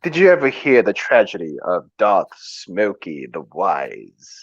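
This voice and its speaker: A man's voice: deep voice, wildly swooping pitch, unhurried, no room sound. A man chatting casually, rambling and stopping and restarting as he tries to recall lines. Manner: rambling, hesitant, stops and restarts while trying to recall lines. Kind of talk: casual chat. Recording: dull lo-fi sound.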